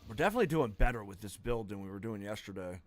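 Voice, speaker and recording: A man's voice: lowish voice, animated, very fast. A man streaming a video game, ranting casually with lots of swearing and restarts, breaking into angry outbursts when he dies. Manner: crude, profane, rambling rants with sudden outbursts. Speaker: gaming streamer. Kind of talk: casual gameplay commentary.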